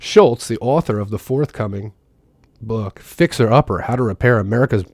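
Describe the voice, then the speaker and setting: A man's voice: lowish voice, normal speed, a little mellow, no room sound, clean studio sound. A man reading a news article aloud and breaking off for sarcastic commentary. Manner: sarcastic, breaks off to mock the text. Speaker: political commentator.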